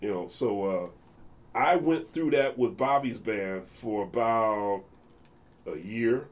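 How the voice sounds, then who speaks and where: A man's voice: fairly low pitch, slow. A man telling stories in a casual interview, acting out other people's voices as he goes. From United States. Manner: animated, acts out voices in anecdotes. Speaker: jazz bassist guest.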